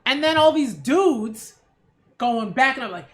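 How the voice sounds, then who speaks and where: Speaking in a high-pitched, animated but unhurried way, a culture critic rants on her own channel. She is emphatic and sarcastic and keeps tossing in rhetorical "right?" questions.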